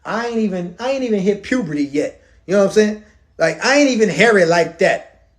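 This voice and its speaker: A man's voice: sits high, animated, fairly quick. A man voicing a nervous young son who pleads with his mother in slangy everyday talk. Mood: pleading.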